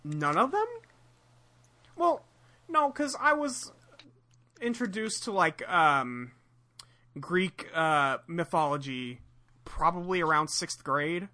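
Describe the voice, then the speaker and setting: A podcast co-host in casual chat, retelling a cartoon episode in an animated way and laughing often. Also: mid-range voice, takes it slowly, pauses often. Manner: animated storyteller, laughs often, retells scenes with quoted voices.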